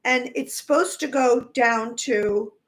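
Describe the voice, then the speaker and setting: High-voiced woman, encouraging. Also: slow pace. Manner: encouraging and affirming, stumbles over words. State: losing her voice. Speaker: spiritual teacher hosting a live stream. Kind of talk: casual live-stream talk.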